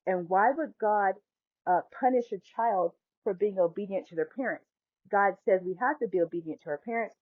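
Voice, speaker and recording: A woman in her forties tells a personal story as a podcast host. She talks in an animated way and acts out the people she quotes. The sound is tinny and phone-like, with a dry, close feel. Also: medium pitch, normal speed, no echo. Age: 40s. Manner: animated, acts out quoted voices, laughs often. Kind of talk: storytelling monologue.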